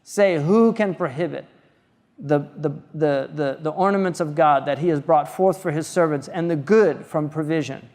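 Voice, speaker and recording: A man giving a religious lecture, reading Arabic quickly and then explaining it in English with many fillers and restarts. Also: fairly high pitch, a little mellow, in a large hall. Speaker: Islamic scholar lecturing.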